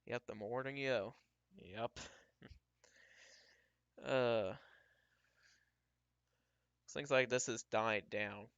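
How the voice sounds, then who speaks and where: Male storm-tracking streamer, casual think-aloud delivery, smooth bright tone. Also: medium pitch, steady tone, very slow, pauses often, no echo, muffled recording. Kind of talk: live weather commentary.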